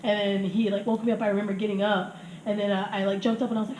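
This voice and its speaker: A woman in her thirties races along in a mid-range voice, telling crude stories as a podcast guest. She laughs a lot and acts out what others said in lively fashion. The recording has an echoey room and faint background noise.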